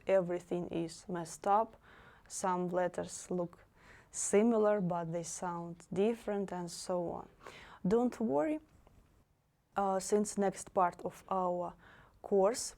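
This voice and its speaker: A young woman leads an online language lesson, speaking slowly in a somewhat low, mellow voice. She patiently models each word twice so learners can copy her. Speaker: language teacher.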